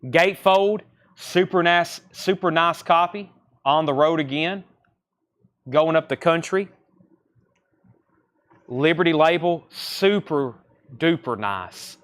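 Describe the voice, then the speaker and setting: A man with a Southern accent hosting a live record sale, listing titles and repeating prices in quick sales patter. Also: fairly high pitch, a bit bright. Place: record shop surrounded by crates.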